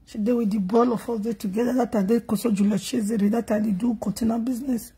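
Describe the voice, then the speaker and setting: A woman's voice: on the high side, steady tone, fast, warm tone, slightly rough. A middle-aged Nigerian woman vlogging, wailing and chanting in grief before telling a sad story in gossip style. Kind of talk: emotional lament and gossip.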